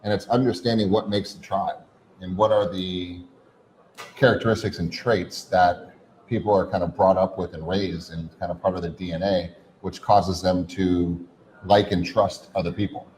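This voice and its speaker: A man's voice: deep voice, steady tone, moderate pace, a little mellow, low-quality recording. A man co-hosting a podcast, coaching his audience in long run-on lists of questions and points. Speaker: podcast co-host. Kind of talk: casual chat.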